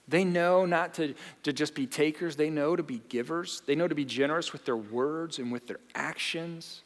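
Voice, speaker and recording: A man preaching a sermon in a church, animated, often repeating and restarting his phrases. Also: a little high, moderate pace. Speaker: pastor. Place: church auditorium. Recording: long reverb of a large hall.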